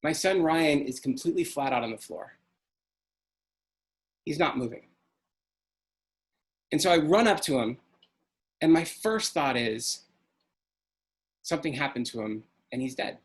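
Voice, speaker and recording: A man's voice: a little high, expressive, a little slow, long pauses. Earnest middle-aged man telling a story. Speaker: speaker. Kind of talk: personal storytelling talk.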